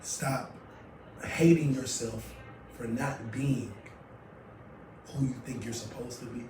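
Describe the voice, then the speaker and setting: A man's voice: medium pitch, fairly even intonation, takes it slowly. A man speaking as a guest on a casual faith podcast, heartfelt and reflective. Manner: heartfelt, reflective, exclaims softly. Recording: roomy sound, mic at a distance, audible noise.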